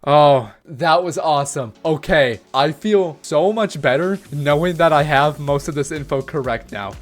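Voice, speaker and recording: A man's voice: on the high side, a little slow, soft background music. Chatty man musing over a story. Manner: rambling, self-questioning, chatty. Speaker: reaction video host. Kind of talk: casual reaction commentary.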